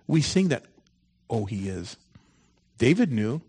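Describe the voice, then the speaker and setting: A man preaching a sermon, moving from loud, emphatic lines to soft, hushed ones. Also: mid-range voice, very animated, slow, slightly rough, low-quality recording.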